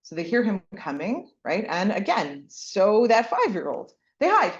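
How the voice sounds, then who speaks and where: A woman and mother of young kids teaching a lively Torah class, often asking "right?" and acting out the lines she quotes. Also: mid-range voice, a little slow, dull audio. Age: adult parent with young kids. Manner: animated, keeps asking "right?", acts out quotes. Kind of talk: lively Bible class lecture.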